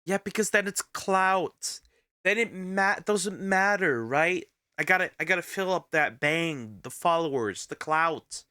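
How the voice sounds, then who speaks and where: Male streamer reaction voice: bright and tense tone, dry close sound, blunt and ranting. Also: fairly high pitch, no room sound. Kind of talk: casual reaction commentary.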